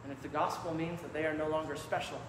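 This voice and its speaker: A man preaching a sermon from the pulpit with emphatic, measured delivery. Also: on the high side, steady tone. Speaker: pastor. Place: church sanctuary. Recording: echoey church hall with faint room noise.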